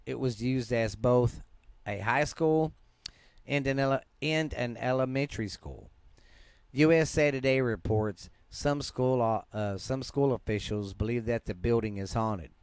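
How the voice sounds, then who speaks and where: A man's voice: medium pitch, clean tone, dry recording. A man with a Southern US accent, hosting a podcast and casually reading ghost stories aloud, often stumbling and restarting words in a laid-back, yawning way. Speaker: podcast host.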